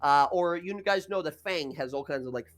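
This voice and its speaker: A man narrating as dungeon master, animated and full of fillers. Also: on the high side, normal speed, faint music behind. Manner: animated, many fillers, voices guards and thugs. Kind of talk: narrating a tabletop game.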